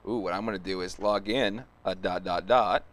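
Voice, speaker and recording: Male streamer, lowish voice, casual live-coding commentary, thinks aloud and mutters while working. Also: normal speed, a bit bright.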